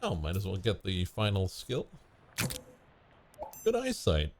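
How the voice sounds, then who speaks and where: A man's voice: deep voice, animated, normal speed, slight background noise. A man streaming a game, chatting casually and reading the game text aloud, often stumbling and correcting himself.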